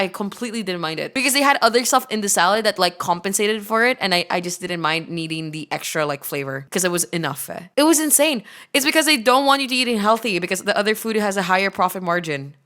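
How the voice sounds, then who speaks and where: Young woman ranting on stream, swears constantly, gets worked up fast, bright sharp voice. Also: fairly high pitch. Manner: excitable, swears a lot, quick bursts of outrage. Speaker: streamer reacting to a video. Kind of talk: casual reaction chat.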